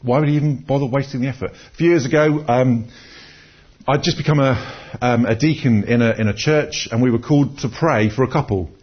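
Heard through dull lo-fi audio, a man with a slightly rough, mid-range voice preaches fairly quickly. He tells personal stories in a conversational way, frequently restarting and repeating words.

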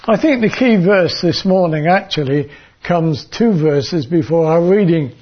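A man preaching a sermon and reading from the Bible in a measured way, sometimes stumbling and repeating words. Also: a little high, expressive, husky, dull audio.

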